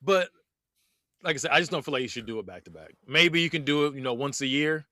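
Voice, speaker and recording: A man's voice: mid-range voice, expressive, fast talker, crowd noise. A man co-hosting a wrestling podcast in casual chat, laughing often and acting out scenes. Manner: laughs often, acts out bits. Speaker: podcast co-host.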